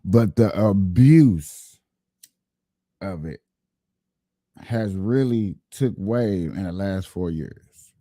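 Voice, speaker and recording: Guy doing his own livestream, low-ish mellow voice, dead dry sound, earnest, keeps repeating himself and talking right at viewers. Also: animated, very slow, long pauses, no echo. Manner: earnest, repetitive, addresses viewers directly. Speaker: livestream host. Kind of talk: casual political livestream talk.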